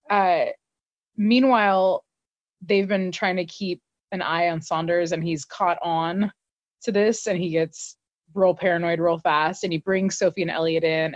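A woman's voice: fairly low pitch, no echo. Chatty woman on a dull dry mic. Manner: chatty, filler-heavy, quick to laugh. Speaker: podcast co-host recapping a TV episode. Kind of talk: casual chat.

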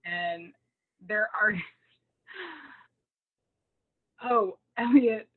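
A woman chatting casually about a TV episode, animated and laughing often as she acts out lines. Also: mid-range voice, drawn-out words, husky. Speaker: podcast co-host. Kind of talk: casual recap chat. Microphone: remote call. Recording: tinny phone-like line.

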